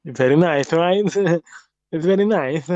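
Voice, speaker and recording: A man's voice: on the high side, takes it slowly, darkish tone, no echo, lo-fi sound. A man with a British accent hosting a call-in live stream, swearing and joking in rowdy banter. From England. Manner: profane, joking, mock-aggressive.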